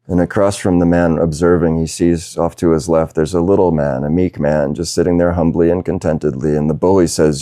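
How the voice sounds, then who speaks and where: A man giving a satsang talk as a spiritual teacher, speaking slowly and reflectively with pauses and soft laughs. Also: deep voice, steady tone, no room sound, clean studio sound. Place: video call session.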